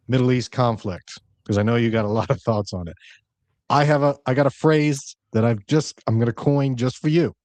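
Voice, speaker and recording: A man hosting a podcast as an investment advisor, chatting casually with jokes and quick asides. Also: mid-range voice, a little mellow, no room sound. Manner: jokey, talkative, rapid asides.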